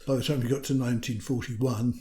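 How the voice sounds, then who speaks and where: A man's voice: medium pitch, steady tone, quick pace, mellow. A man from the UK, a storyteller, chatting casually and telling anecdotes with dry humour. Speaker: storyteller, interview guest. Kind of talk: casual conversation.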